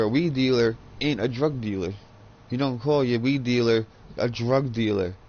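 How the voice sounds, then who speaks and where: Profane rambling gamer on a headset. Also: male voice, medium pitch, darkish tone, muffled recording, a little hiss or hum. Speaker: gaming channel host. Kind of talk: casual chat while gaming.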